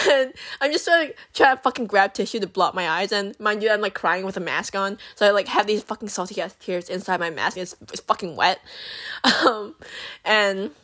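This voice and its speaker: A woman's voice: medium pitch, normal speed. A young woman telling a story to camera in a casual, chatty way, swearing freely and using lots of fillers. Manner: profane, animated, chatty with many fillers. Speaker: vlogger.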